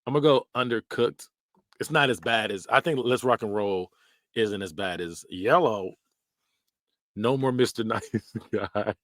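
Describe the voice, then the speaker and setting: A man's voice: on the low side, a little slow, fairly bright tone, dry recording, studio quality. A man hosting a podcast, giving casual, joking reaction commentary and laughing often. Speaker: podcast host.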